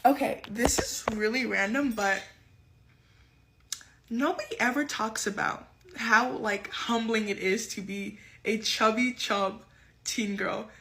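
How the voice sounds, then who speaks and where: A woman's voice: on the high side, slow, a bit bright, slight background noise, low-quality recording. A young woman starting a storytime vlog in a bubbly, chatty way.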